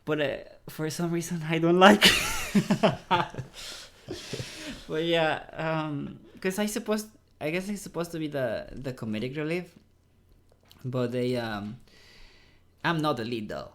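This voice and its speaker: A man with a Mexican accent, a Spanish speaker talking as an actor guest in a casual interview, halting and restarting as he searches for English words. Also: on the high side.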